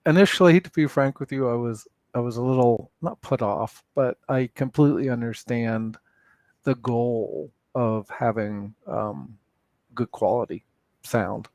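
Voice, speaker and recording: A man answering as a panelist in a hesitant, halting way. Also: medium pitch, a little mellow, dry recording.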